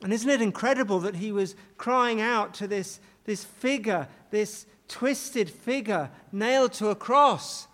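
A man's voice: sits high, unhurried, hardly any pauses, fairly bright tone. A man preaching a sermon with dramatic emphasis. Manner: dramatic, acts out quoted pleas with rising intensity. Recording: long hall reverb.

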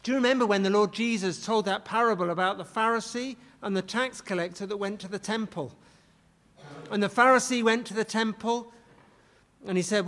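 A man's voice: sits high, normal speed, pauses often, fairly bright tone. A man preaching a sermon with dramatic emphasis. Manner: dramatic, acts out quoted pleas with rising intensity. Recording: long hall reverb.

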